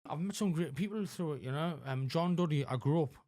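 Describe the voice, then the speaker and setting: A man in his forties talking candidly as a podcast guest, halting with lots of fillers and frequent swearing. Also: a little high, dark tone, no room sound, clean studio sound. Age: 40s. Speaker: podcast guest in addiction recovery. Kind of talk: candid conversational interview.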